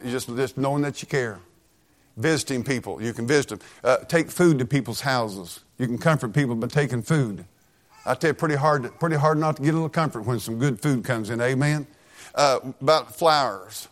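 A man's voice: mid-range voice, normal speed. A middle-aged man preaching a sermon, telling rambling, folksy stories full of repeats and restarts.

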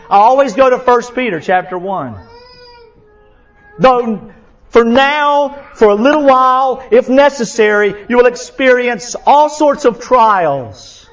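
A male pastor preaching a sermon, impassioned and repetitive, swinging from loud to hushed. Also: extremely high pitch, lively intonation, measured pace. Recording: dull lo-fi sound.

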